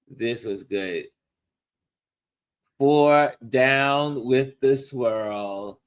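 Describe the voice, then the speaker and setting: A middle-aged man hosting a casual livestream, musing warmly to viewers as he shows photos. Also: on the high side. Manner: slow, musing, talks to viewers while showing photos. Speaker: livestream host.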